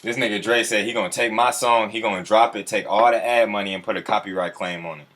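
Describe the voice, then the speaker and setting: A man's voice: fairly low pitch, steady tone, quick pace, fairly bright tone. A man chatting loosely with viewers on a livestream, full of profane slang and answering their comments as they come in. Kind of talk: casual livestream chat.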